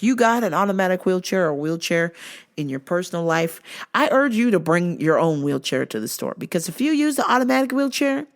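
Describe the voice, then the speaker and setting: Creaky-voiced woman ranting with profanity. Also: fairly high pitch. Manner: profane, exasperated storytelling. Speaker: vlog host and store worker. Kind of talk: casual vlog rant.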